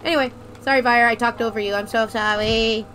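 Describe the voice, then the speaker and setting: A woman's voice: fairly high pitch, fairly even intonation, a little fast, a bit bright, slight background noise. A young adult woman chatting casually and swearing freely while streaming a game. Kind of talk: casual let's-play chat.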